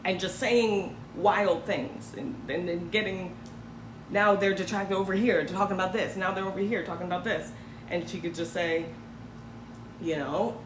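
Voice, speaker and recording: A lowish, fairly even voice at a moderate pace belongs to a woman hosting a casual commentary livestream. She's conversational and sarcastic, dropping into mocking put-on voices from time to time, recorded in an echoey room with slight ambient noise.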